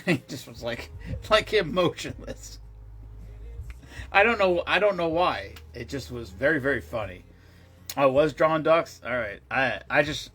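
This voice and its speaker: A middle-aged man with a husky, slightly high-set voice chats loosely on a livestream. He rambles from story to story and swears offhandedly. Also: sharp tone. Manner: rambling, profane storytelling with laughs. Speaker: livestream host. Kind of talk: casual livestream chat.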